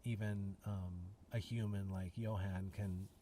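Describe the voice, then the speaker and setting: Male podcast host, low warm voice, earnest and reflective, mic a bit far off. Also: level tone, unhurried. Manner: reflective, earnest, many restarts. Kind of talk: casual conversation. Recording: distant mic with faint noise.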